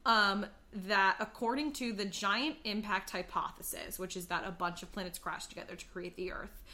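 A woman's voice: mid-range voice, steady tone, moderate pace, pushed and bright, a little hiss or hum. A woman co-hosting a casual podcast, explaining facts in a chatty way with frequent ums. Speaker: podcast co-host. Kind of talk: casual chat.

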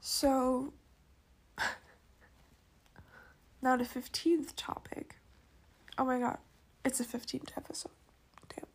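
A woman with a fairly high voice talks through her own podcast slowly and loosely. Her tone is gravelly with a husky edge. She drifts from point to point with plenty of fillers and soft asides. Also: flat delivery, whispered. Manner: rambling, chatty, many fillers and soft asides. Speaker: podcast host. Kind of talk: casual solo podcast monologue.

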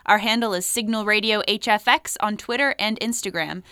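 A woman's voice: medium pitch, steady tone, brisk, bright, forceful tone, clean tone, dry recording, studio quality. A woman co-hosting a podcast, reading the outro and credits in an upbeat scripted way. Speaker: podcast co-host.

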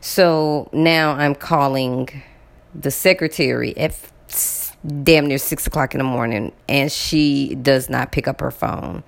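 A woman telling a personal story to her viewers in a casual, animated way, repeating words for emphasis. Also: very deep voice, measured pace, gravelly. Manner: addresses viewers directly.

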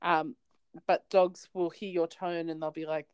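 A woman's voice: fairly low pitch, level tone, measured pace, darkish tone, clear, resonant tone, dry recording, rough recording. A woman co-hosting a podcast in casual chat, telling stories animatedly and laughing often. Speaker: podcast co-host.

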